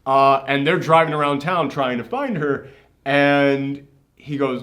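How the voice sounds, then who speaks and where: A man's voice: medium pitch, unhurried, fairly bright tone. A man hosting a casual movie reaction chat, retelling scenes with animation and acting out the characters' lines. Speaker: podcast host.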